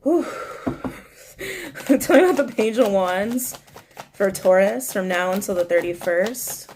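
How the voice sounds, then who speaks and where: A young woman giving a casual tarot reading, animated and blunt, swearing and talking straight to her viewers. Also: medium pitch, takes it slowly, a little hiss or hum. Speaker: tarot reader.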